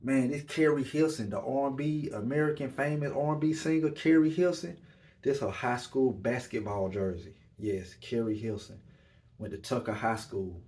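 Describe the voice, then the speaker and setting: In an echoey room, a male podcast host delivers a loose, laid-back casual monologue, tacking "man" onto nearly every line. His voice is medium-pitched and somewhat dark, at a moderate pace.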